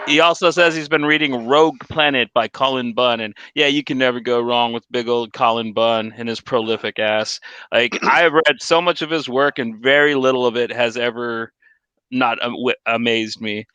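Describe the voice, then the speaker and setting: A man's voice: medium pitch, steady tone, normal speed, sharp tone, clean tone, no echo, dull audio. A young man hosting a comics podcast in casual chat, upbeat and joking as he reads out fan messages. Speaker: podcast host.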